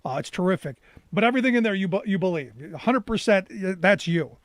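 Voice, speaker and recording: A male talk show host with a high voice asks questions quickly and eagerly, often restarting his words mid-thought. The recording is dry and close. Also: animated, no room sound. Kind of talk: interview questions.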